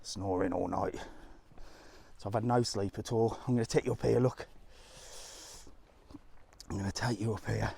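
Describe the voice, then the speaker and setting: A man's voice: on the low side, steady tone, moderate pace, gravelly, long pauses, mellow, husky. A man hosting a live travel stream outdoors on a resort street, chatting to viewers, ranting and laughing often, with some swearing.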